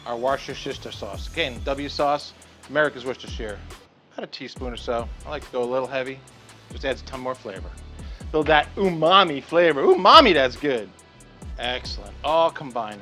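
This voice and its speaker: A man's voice: mid-range voice, fairly bright tone. A man hosting his cooking vlog outdoors at a grill, chatty and enthusiastic, often checking in with "okay". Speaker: cooking show host. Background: rain and light music.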